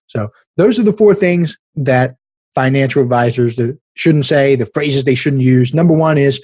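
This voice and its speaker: A man hosting a podcast, giving blunt, animated business advice in a casual way and laughing at himself now and then. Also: mid-range voice, breathy edge, dry recording. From American Midwest. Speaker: podcast host, business coach.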